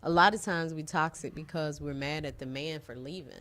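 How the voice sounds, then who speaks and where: A woman co-hosting a TV talk show, talking in a casual, teasing, animated way with lots of slang. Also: deep voice, a little fast. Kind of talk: casual chat.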